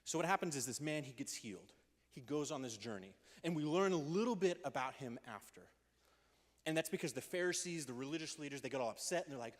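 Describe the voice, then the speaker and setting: A man gives a lively, conversational youth sermon in a church, his voice sitting fairly high for a man. The big hall carries a long reverb behind every phrase. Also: fairly quick. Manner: energetic and conversational, acting out quotes in voices. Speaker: youth pastor.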